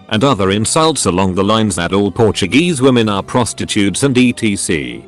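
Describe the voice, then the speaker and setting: Low-voiced man reading stories aloud. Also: lively intonation, moderate pace, few pauses, soft background music. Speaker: narrator reading online stories. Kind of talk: scripted narration.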